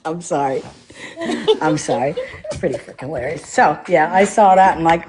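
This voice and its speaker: A woman's voice: sits low, moderate pace, darkish tone, slight background noise. A woman hosting a casual livestream while working on a project, talking with many fillers and breaking into playful laughter. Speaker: livestream host refinishing furniture.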